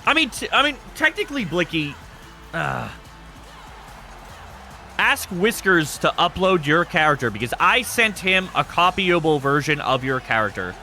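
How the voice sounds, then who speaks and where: A man in his thirties hosting a game stream, chatting casually and answering chat in a rambling, self-described monotone. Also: on the high side, normal speed, soft background music. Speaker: streamer hosting an e-fed wrestling show.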